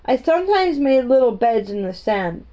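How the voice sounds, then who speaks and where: A woman's voice: a little high, sing-song, moderate pace, warm tone, pitched above the performer's own voice. A woman voicing a timid, earnest little orphan girl with an anxious, tremulous, pleading way of speaking. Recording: dull, muffled audio.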